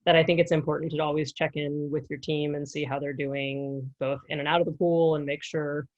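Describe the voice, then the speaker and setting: A woman with a slightly low voice, a former player, recalling stories in a casual interview. She tells them in an animated way and laughs often. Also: brisk, muffled recording.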